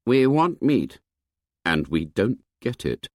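A man's voice: fairly low pitch, very animated, slow, no room sound, studio quality, pitched above the performer's own voice, exaggerated voice. A man doing Jack, a fierce young hunter. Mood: angry. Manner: clipped, insistent, flaring into shouts. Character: hot-tempered boy hunter, fierce and defensive.

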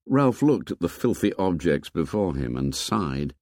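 Slow, low-voiced man reading a novel. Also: no room sound, studio quality. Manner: measured, expressive storytelling. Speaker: narrator. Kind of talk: audiobook narration.

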